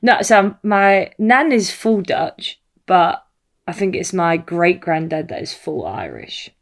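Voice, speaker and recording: A woman's voice: lowish voice, lively intonation, takes it slowly. Giggly rambling young woman. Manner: giggly, rambling, loses her thread. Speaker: podcast co-host. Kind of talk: casual podcast chat.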